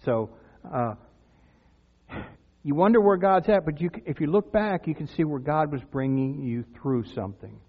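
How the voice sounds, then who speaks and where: An older man preaching a sermon in a church, earnest and conversational, rising to loud cries when he voices prayers. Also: fairly high pitch, animated, moderate pace, slightly rough. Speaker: pastor. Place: church sanctuary. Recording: tinny lo-fi sound with long church reverb.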